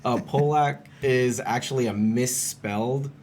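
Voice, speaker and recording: A man's voice: mid-range voice, a little slow, a little mellow, slight background noise. A man from Romania, a comedian, telling a story in a casual interview, laughing often. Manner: laughing storyteller, self-deprecating. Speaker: comedian guest.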